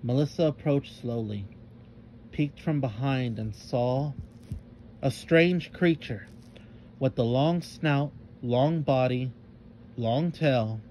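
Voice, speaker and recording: A man reading a children's story aloud in a calm, measured narrating voice. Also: mid-range voice, slight background noise.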